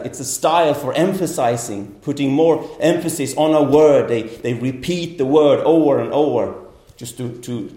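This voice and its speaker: A man delivers a sermon with an earnest, searching manner, repeating words and circling back as he works through his point. His voice sits in an ordinary middle pitch. The sound carries the reverb of a roomy church hall. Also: darkish tone. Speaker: preacher. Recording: echoey room.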